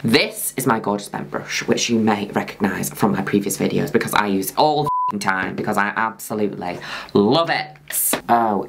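A woman in her twenties chatting through a makeup tutorial, camp and theatrical, gushing at her viewers. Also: a bass voice. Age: 20s. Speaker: makeup vlogger.

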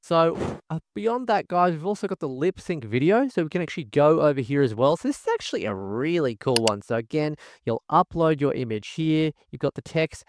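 With a higher-pitched, animated voice and a slightly quick pace, this man gives an enthusiastic screen-recorded product walkthrough as a tech reviewer. He says "guys" and "folks" in almost every sentence, and there's no room sound.

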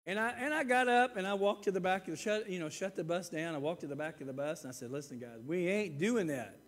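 A man in his sixties preaching a sermon, earnest and repeating words, swinging between loud emphasis and quiet asides. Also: sits high, quick pace. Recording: reverberant church hall.

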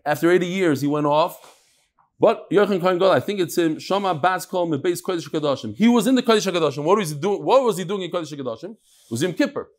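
A man teaches a daily Talmud class with a slightly raised pitch, working through ideas out loud. He throws questions at his listeners and keeps the pace moving. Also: fast talker. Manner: animated, thinks aloud and asks the room questions. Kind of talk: daily Talmud class before a live audience.

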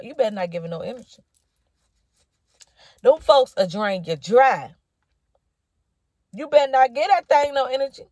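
With a high-pitched yet dark-toned voice, this woman minister offers a prophetic word to the camera. She preaches passionately in rhythmic repetitions, calling the listener honey and baby, and the recording is dry.

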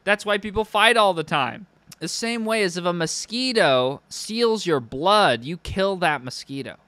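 A man's voice: high voice, expressive, measured pace, pushed and bright, dry recording. A young man streaming, giving casual commentary that is profane, sardonic and rambling.

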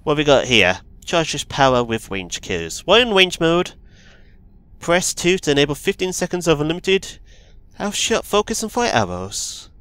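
A man giving chatty let's play commentary, excitable, yelping and making asides as he plays. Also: fairly high pitch, normal speed, clean tone, dry recording. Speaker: gaming video host.

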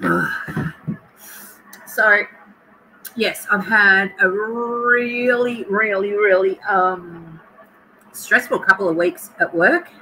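Slow-talking, bright-voiced Australian woman. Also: medium pitch, slight background noise, poor audio. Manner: chatty and emotional, greeting viewers by name. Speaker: livestream host. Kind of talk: casual chat with live viewers.

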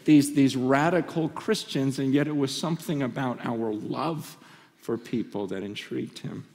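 A man's voice: medium pitch, moderate pace, gravelly, a little mellow. A man in his forties preaching at a conference, telling a personal story with passion and stammered restarts. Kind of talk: conference sermon. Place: large conference hall. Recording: long hall reverb.

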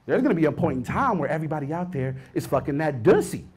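A man in his thirties working a stand-up set, his voice sitting high and leaping all over the place. He drops into low muttered asides, then bursts out loud. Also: quick pace, husky. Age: 30s. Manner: animated, swings between mumbled asides and loud outbursts. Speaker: stand-up comedian.

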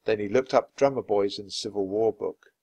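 A man reading a children's chapter book aloud in a clear, steady way, for language learners. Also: on the low side, a little fast, no room sound. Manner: clear and steady, acting out dialogue. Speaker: storybook reader. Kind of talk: scripted narration for language learners.

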